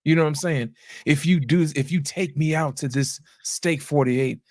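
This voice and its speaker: A man hosting a podcast panel in casual chat, animated and often asking "you know what I'm saying". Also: fairly high pitch, normal speed, no room sound, studio quality. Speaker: podcast host.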